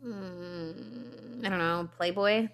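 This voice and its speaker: A woman's voice: fairly low pitch, drawn-out words, smooth. A woman playing a trivia game, chatty and self-deprecating about her guesses. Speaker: trivia contestant. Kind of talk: casual game chat.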